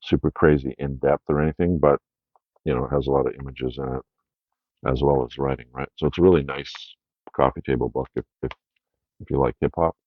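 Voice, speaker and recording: A man's voice: a bass voice, fairly even intonation, fairly quick, dry recording. A man hosting a casual media haul video, rambling through his picks with lots of fillers and "right?" check-ins. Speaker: media collection haul host. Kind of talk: casual unscripted video review. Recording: dry, dull lo-fi sound.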